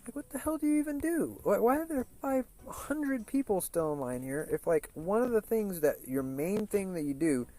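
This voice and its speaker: A man's voice: high-pitched, very animated, normal speed, few pauses, warm tone. A man streaming a game, talking in a profane, rambling rant full of restarts and repeated words. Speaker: gaming streamer. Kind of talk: casual chat over gameplay.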